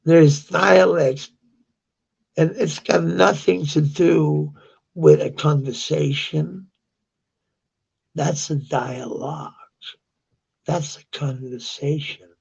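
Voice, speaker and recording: A man's voice: fairly high pitch, creaky, darkish tone, slightly rough, muffled recording. A man with a Danish accent ranting heatedly to camera, swearing and repeating himself. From Denmark. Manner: heated, profane, repetitive ranting. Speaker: vlogger. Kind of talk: angry rant to camera.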